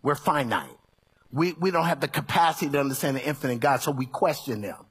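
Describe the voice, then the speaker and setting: A male preacher delivering a sermon, animated and folksy, swinging from low murmurs up to shouts. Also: quick pace, breathy edge. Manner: folksy and colloquial.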